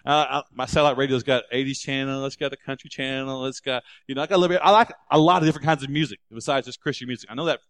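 A man preaching a sermon as a pastor, animated and climbing into loud, emphatic stretches. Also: mid-range voice, rapid-fire, few pauses, no echo.

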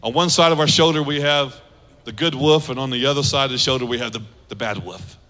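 A pastor putting on the voice of a wise old chief, grave and unhurried, who passes a lesson to his grandson. The voice is dropped low and hushed, and the words come slowly. Long reverb from a large hall trails behind each phrase. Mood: solemn. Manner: slow, low, hushed storytelling voice.

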